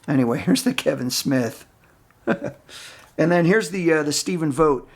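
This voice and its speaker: Chatty rambling man, slightly high voice. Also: moderate pace. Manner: chatty, rambling, laughs often. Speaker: baseball card collector vlogger. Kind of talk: casual chat.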